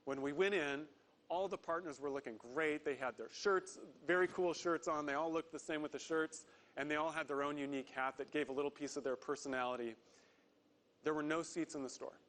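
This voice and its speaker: A man giving a prepared corporate investor presentation, earnest, slowing down to stress key words. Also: fairly high pitch, fairly even intonation, a bit bright. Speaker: company executive presenter.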